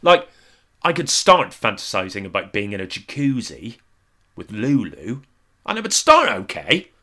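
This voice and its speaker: A man in his forties performing a self-deprecating comic monologue, deadpan with sudden exaggerated outbursts. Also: lowish voice, a little slow. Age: 40s. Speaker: comedian.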